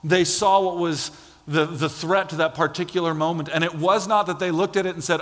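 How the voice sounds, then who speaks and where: Animated male preacher in a reverberant hall. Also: high-pitched, fairly quick. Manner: animated storytelling, acts out quotes. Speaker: pastor. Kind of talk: sermon. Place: church sanctuary.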